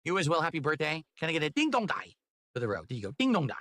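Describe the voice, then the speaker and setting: A man's voice: a little high, huge pitch swings, rapid-fire, a bit bright, no room sound, clean studio sound. A man livestreaming, talking in a rambling, pleading, sentimental way. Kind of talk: casual livestream talk.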